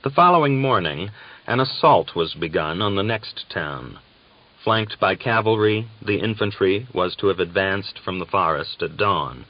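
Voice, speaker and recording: A man narrating an audiobook in a measured, dramatic manner. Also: sits low, lively intonation, dull audio.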